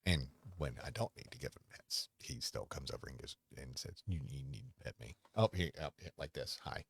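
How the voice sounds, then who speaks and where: Deep, husky man, home livestream host, rambling, dry close mic. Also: a bit bright, no echo. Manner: rambling, halting, talks fondly to his dog. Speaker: podcast host. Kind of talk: casual rambling livestream chat. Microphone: desk microphone.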